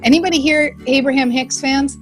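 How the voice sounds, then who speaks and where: A woman giving an upbeat, chatty self-help presentation to a live online audience, full of "like" and quick asides. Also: high voice, fairly even intonation, soft background music. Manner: upbeat, chatty, lots of fillers and likes.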